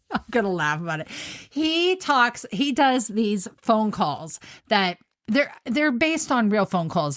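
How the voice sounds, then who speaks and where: A woman's voice: mid-range voice, no room sound, studio quality. A middle-aged woman co-hosting a podcast, chatting enthusiastically and laughing as she tells stories. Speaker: podcast co-host. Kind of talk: casual chat.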